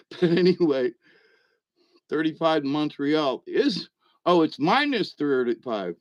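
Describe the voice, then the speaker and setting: A man's voice: fairly high pitch, sing-song, takes it slowly, dry recording, lo-fi sound. A middle-aged man, giving a rambling, irreverent comedic monologue and chuckling at his own jokes. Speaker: vlog host.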